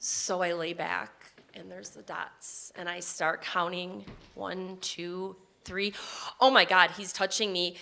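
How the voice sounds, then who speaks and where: A woman's voice: on the low side, fairly even intonation, slow pace, creaky, sharp tone. A woman telling a personal story on stage, in a vivid, emotional present-tense retelling.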